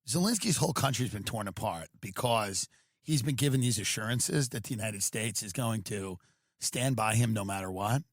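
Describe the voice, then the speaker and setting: A male podcast host riffing through a profane, animated comedic rant. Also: medium pitch, no echo, studio quality.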